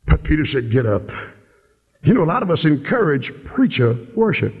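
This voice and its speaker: A male preacher in full flight, his voice leaping high and low as he pleads and cries out to the congregation. The sound is thin and tinny like an old phone-line recording, with a long echo from a big church hall. His tone is husky. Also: big pitch swings, brisk. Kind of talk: fiery sermon.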